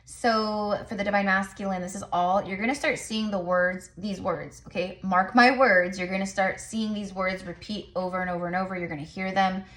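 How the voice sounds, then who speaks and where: A tarot reader with a medium pitch, fairly even intonation, and a slightly bright sound gives an informal reading to her viewers. She keeps restarting and using fillers as she rambles, and says she's a fast talker.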